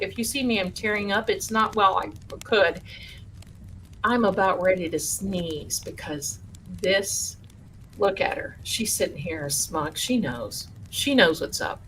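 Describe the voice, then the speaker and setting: A folksy woman hosts a live stream from home and chats with viewers she calls her darlings. She speaks at an unhurried, drawn-out pace, and faint room ambience sits behind her voice. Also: on the high side, a bit bright, a little hiss or hum, poor audio. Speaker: livestream host and spiritual teacher.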